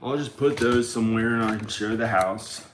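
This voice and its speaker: A man vlogging at home, muttering slowly and quietly to himself. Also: fairly even intonation, roomy sound, far from the mic, slight background noise. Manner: slow, low muttering to himself. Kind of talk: rambling self-filmed vlog. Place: his house, indoors.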